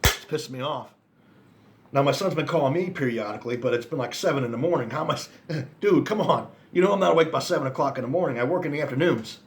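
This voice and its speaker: Gravelly, worn-out rambling man. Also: mid-range voice, fast. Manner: rambling, jumps between thoughts, swears often; frustrated, disappointed and resigned. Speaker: vlogger addressing male viewers. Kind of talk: casual spoken monologue to camera.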